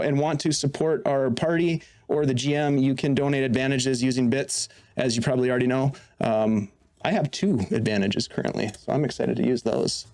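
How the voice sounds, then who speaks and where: Man narrating as game master. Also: mid-range voice. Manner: relaxed, describing scenes and calling for rolls.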